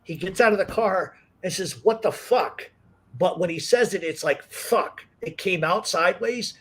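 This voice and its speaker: A man's voice: sits high, normal speed, slightly rough. A man hosting a talk show, telling stories casually with lots of swearing. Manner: profane, animated storyteller. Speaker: podcast host. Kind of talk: casual storytelling chat.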